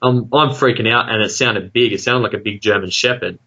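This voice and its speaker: A man's voice: lowish voice, highs cut off. Australian man telling a rambling story. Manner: rambling, many fillers, quick voiced asides in excitement. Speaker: guest telling an encounter story. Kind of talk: casual storytelling.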